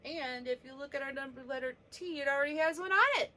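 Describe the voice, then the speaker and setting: A woman teaching a preschool letter lesson, gently sounding out each letter for young children. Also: sits high, fast talker.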